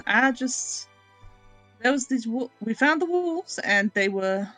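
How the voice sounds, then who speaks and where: Slow-talking woman playing a tabletop game. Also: on the high side, expressive, pushed and bright, faint music behind. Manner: hesitant, trying to hold a put-on accent. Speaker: player.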